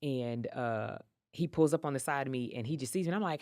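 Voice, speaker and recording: A woman from the United States, a guest athlete in a casual interview, telling lively stories and acting out quoted lines. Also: rumbling low, fast, no room sound, studio quality. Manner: animated storyteller who acts out quoted lines.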